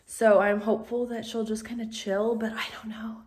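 A woman's voice: a little high, little pitch movement, moderate pace, few pauses, a little mellow. A young woman vlogging at home and in her car, talking in a chatty, nervous way with lots of fillers like "um" and "like". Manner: chatty and anxious, many fillers like "um" and "like". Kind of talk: casual vlog chat.

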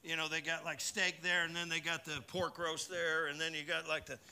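A man preaching at a church service, with a high, very bright and forceful voice. He mixes folksy, joking asides into his scripture reading, and he gets louder and higher when he exhorts the congregation. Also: flat delivery, normal speed, smooth. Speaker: pastor. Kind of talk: sermon.

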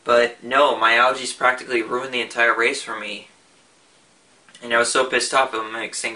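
A man's voice: medium pitch, flat delivery, moderate pace, bright, forceful tone. A young man talking casually in a vlog, rambling with frequent restarts and fillers. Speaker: vlogger. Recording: voice a bit far from the mic.

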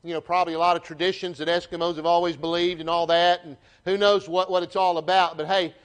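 A man with a Southern US accent preaching a sermon to his church, folksy and animated, often restarting his phrases. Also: high-pitched, fast, smooth. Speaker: pastor. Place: church sanctuary.

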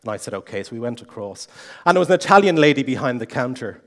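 A middle-aged man giving a humorous competition speech, an animated, self-mocking storyteller, in a large hall. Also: medium pitch, fast talker. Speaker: contest speaker. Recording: long hall reverb.

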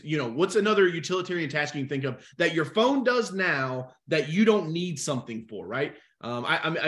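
Animated man coaching a live webinar. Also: a little high. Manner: energetic, animated, talks to the chat.

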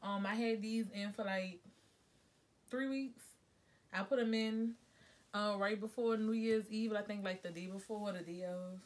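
A woman's voice: medium pitch, fairly even intonation, a little slow. A young woman, telling a rambling, chatty storytime to her vlog viewers from home and correcting herself as she goes. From New Orleans, USA. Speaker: vlogger. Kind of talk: casual storytime monologue.

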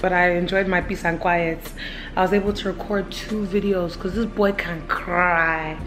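A young woman, chatting excitedly to her viewers in a casual home vlog filmed on a phone. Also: lowish voice, normal speed. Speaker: vlogger.

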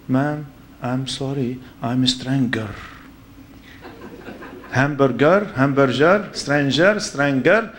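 A man with a foreign accent giving a storytelling religious lecture and checking in with his listeners. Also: medium pitch. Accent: foreign accent in English. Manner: anecdotal, checks in with listeners with "huh?".

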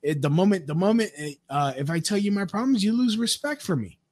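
High-voiced man ranting crudely. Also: animated, a little fast, a little mellow. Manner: crude, rambling, stammering restarts. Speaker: commentator. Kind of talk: profane rant commentary.

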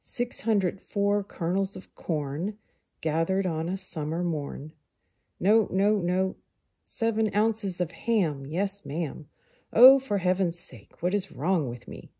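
A woman's voice: lowish voice, slow, warm tone, husky, heavily acted. A woman voicing a fussy, anxious male ant who frets over his accounts, raised and exclaiming. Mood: fretful. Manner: fretful, exclaiming.

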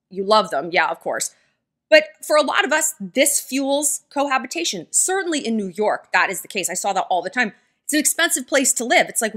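A woman with a high-leaning, somewhat bright voice addresses her viewers directly in a chatty vlog, offering blunt relationship advice. She tells stories and acts out the dialogue of the people in them.

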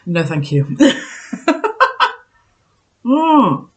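A woman vlogger chats casually while tasting snacks, thinking aloud and poking fun at herself. Her voice is on the low side, very animated, and very slow.

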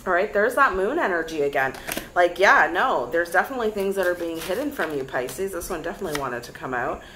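A young woman giving a casual tarot reading to camera, chatty and lively, talking straight to her viewers. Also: lowish voice, fast, a little hiss or hum, rough recording. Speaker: tarot reader.

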